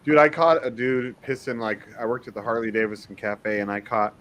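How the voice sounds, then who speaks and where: A man telling a bar story in casual chat, swearing freely and animated. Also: medium pitch, a little fast, low-quality recording.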